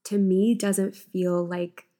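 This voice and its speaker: A woman hosting a podcast, chatting in a relaxed, encouraging and agreeable way. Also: medium pitch, slow. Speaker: podcast host. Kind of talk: casual podcast chat.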